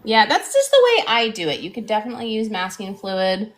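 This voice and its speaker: A woman with a Canadian accent hosts a casual painting livestream, talking briskly at a medium pitch. Chatty and animated, she laughs often and teases playfully as she walks through her tutorial.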